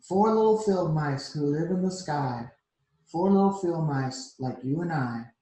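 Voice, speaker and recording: A gentle, dreamy field mouse poet recites his verses in a slow, sing-song lilt, voiced by a man reading a storybook aloud. The voice sits a little high, and a roomy echo hangs around it. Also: lively intonation. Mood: reciting.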